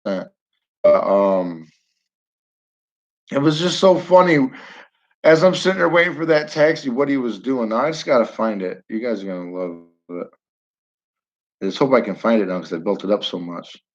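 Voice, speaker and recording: Telling a story to his viewers, a Northern New York man who hosts a live stream rambles and chuckles in a casual chat. He has a mid-range, animated voice at a moderate pace, pausing often, and the lo-fi audio sounds dull.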